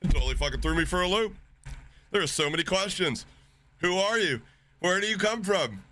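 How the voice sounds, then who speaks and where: A man streaming live, chatting casually with his viewers, swearing freely and getting excited as he reacts to chat. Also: high voice, brisk.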